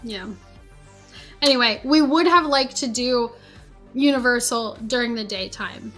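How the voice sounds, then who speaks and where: A woman's voice: on the high side, unhurried, sharp tone, faint music behind. A woman co-hosting a casual chat, talking in an easygoing, chatty way. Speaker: co-host.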